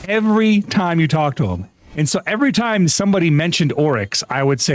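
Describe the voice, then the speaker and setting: Animated, laughing male game streamer. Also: on the high side, brisk. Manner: animated, laughing storyteller who swears freely. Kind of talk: casual gaming livestream storytelling.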